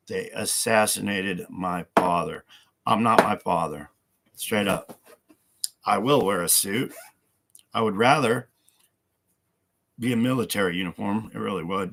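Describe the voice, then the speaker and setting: A man's voice: fairly low pitch, vocal fry, a bit bright. A man hosting a casual livestream from home, talking in a rambling, repetitive way full of fillers. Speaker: livestream host.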